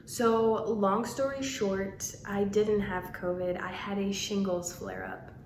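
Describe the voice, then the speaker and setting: A woman's voice: medium pitch, slow, a little hiss or hum. Chatty young woman telling a story. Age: 20s. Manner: chatty, animated, laughing through the retelling. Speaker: vlogger. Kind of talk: casual storytime. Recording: echoey room.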